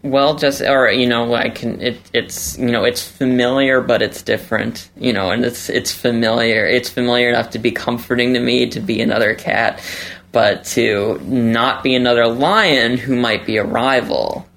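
Gravelly chatty podcast co-host man. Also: mid-range voice, steady tone, moderate pace, fairly bright tone. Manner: chatty, rambling with many fillers. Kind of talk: casual book club podcast chat.

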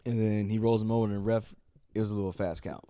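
A man co-hosting a podcast, casually recapping wrestling shows and acting out the wrestlers' lines in quick voices, swearing now and then. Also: fairly low pitch, fairly even intonation, mellow, no echo. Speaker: podcast co-host.

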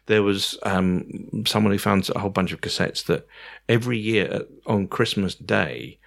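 Gravelly low-voiced English radio man. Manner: rambling storyteller with many ums and restarts. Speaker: radio presenter guest. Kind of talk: casual podcast chat.

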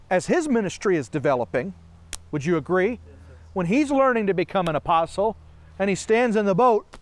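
Animated male preacher, high lively voice. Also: no echo. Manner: animated, asks many rhetorical questions, laughs often. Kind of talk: sermon.

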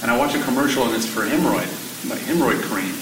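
A man, a firefighter, telling his story to an audience, growing animated and rising toward a near-shout when exasperated. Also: medium pitch, quick pace, echoey room, distant mic, background noise.

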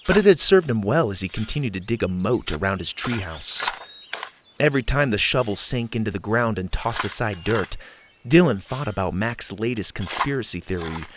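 A man narrating a children's story in an expressive, lively reading. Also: on the low side, noisy background.

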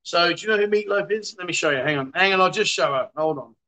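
A man's voice: high-pitched, fast talker, pushed and bright, rough recording. A man hosting a casual livestream, reading out viewer comments with jokey, exasperated asides. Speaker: livestream host.

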